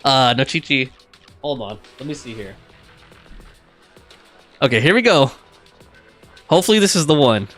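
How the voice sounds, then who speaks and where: A man's voice: medium pitch, big pitch swings, normal speed, long pauses, fairly bright tone, faint music behind. A man streaming a video game live, chatting casually with viewers, laughing often and reading game text aloud. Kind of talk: casual live-stream chat while gaming.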